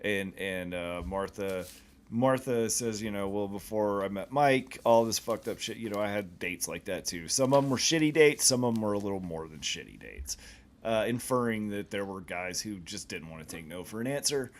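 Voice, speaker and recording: A man's voice: lowish voice, lively intonation, normal speed. A man co-hosting a podcast, casually recapping an episode in a rambling way, repeating words and swearing freely. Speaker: podcast co-host.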